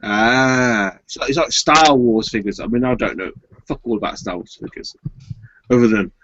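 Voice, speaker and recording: A man's voice: mid-range voice, normal speed, a bit bright, no echo, highs cut off. A British man in casual chat, blunt and joking, swearing freely.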